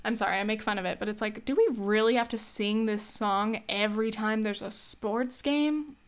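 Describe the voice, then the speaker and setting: Smooth-voiced young woman chatting her opinions. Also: mid-range voice, moderate pace. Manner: chatty, wry, laughs at herself, trails off and restarts. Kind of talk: casual opinion monologue.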